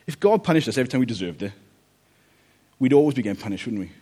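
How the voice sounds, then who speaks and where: A man preaching a relaxed, conversational sermon, joking about family life and often checking in with "okay?". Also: medium pitch, very fast, husky. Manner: chatty, jokey, checks in with "okay?".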